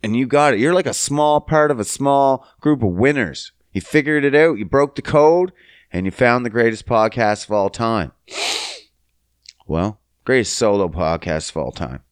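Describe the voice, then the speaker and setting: A young adult man from Canada hosting a solo comedy podcast, profane and sing-song, jumping up high for silly bits. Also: expressive, moderate pace, clean tone, dry recording, studio quality. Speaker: podcast host.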